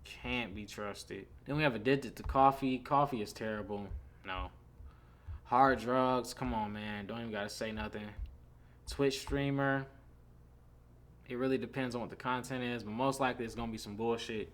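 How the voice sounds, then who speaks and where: A man's voice: medium pitch, fairly even intonation, normal speed, fairly bright tone. Young man, blunt slangy tier-list talk. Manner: blunt and slangy, lots of "like" and "bro" fillers. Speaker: YouTuber ranking a tier list. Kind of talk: casual opinionated commentary.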